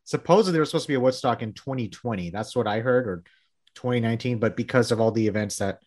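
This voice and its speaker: Texan male host, chatty, quick laughs, casual interview read. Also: medium pitch, a little mellow, dry recording, clean studio sound. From Texas. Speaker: podcast host. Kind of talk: casual interview, lightning-round questions.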